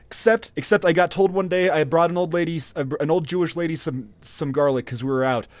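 Animated man, dry close sound. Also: quick pace, no echo. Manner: animated, swearing, mimics customers in a high voice. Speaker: podcast co-host. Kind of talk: casual chat.

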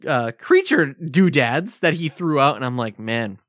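A man spins a casual podcast story with a very expressive, rising and falling voice. He acts out quoted lines as he goes. The sound is dry and close. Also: fairly high pitch, moderate pace, dry recording. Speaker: podcast co-host.

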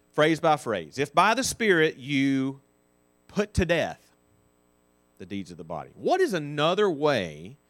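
Male Sunday School teacher, slightly high voice, unhurried, questioning delivery, dry sound. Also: fairly bright tone, no echo. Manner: asks the class questions, repeats key phrases slowly for stress. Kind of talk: Bible lesson.

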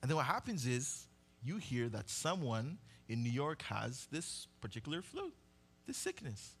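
A male pastor preaches a sermon, telling a vivid story and acting out its characters' voices as he builds to an impassioned climax. His husky voice is mid-range with huge pitch swings, at a normal speed.

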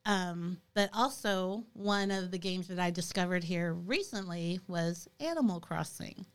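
A middle-aged woman chats easily on a podcast, often stopping with ums and restarting her sentences. Her voice sits fairly low and sounds smooth and clear. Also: measured pace. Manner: chatty, hesitant with many ums and restarts. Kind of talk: casual chat.

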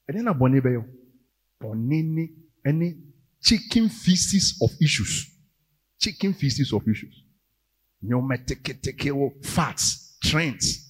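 A man with a Ghanaian accent preaching a sermon, moving between English and Twi and rising to loud, emphatic calls. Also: mid-range voice, breathy edge, in a large hall. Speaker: pastor.

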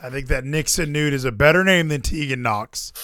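A man co-hosting a casual wrestling chat, animated and jokey, swearing freely. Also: medium pitch, brisk, no room sound, clean studio sound. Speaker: podcast co-host.

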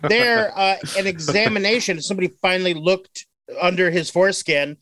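A man's voice: high voice, normal speed, sharp tone. A man hosting a casual podcast, reading odd news stories aloud with crude joking asides.

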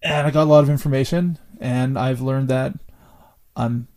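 A man's voice: mid-range voice, steady tone, moderate pace, dark tone. A middle-aged man hosting a podcast, telling candid stories and swearing freely in casual chat. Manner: candid, profane storytelling. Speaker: podcast host.

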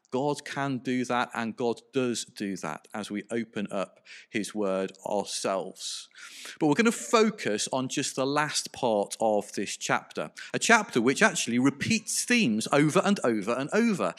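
A man preaches a sermon in a relaxed, conversational way. His pitch moves around a lot as he talks. He keeps putting questions to his listeners.

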